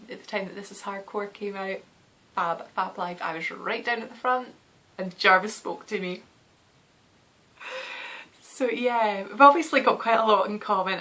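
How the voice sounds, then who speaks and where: A woman in her thirties with a soft West of Scotland accent, rambling chattily on her knitting podcast, often laughing and dropping into a whisper. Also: mid-range voice. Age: 30s.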